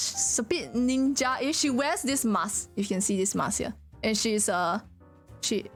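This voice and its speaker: Giggly animated woman streamer. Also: a little high. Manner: giggly, animated storytelling with frequent laughter. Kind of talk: casual chat with stream chat.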